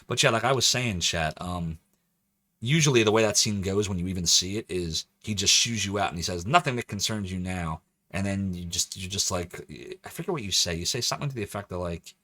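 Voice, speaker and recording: A man's voice: deep voice, bright, forceful tone. A male game streamer chatting casually with his viewers as he plays, rambling and laughing often. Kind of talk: casual live-stream commentary.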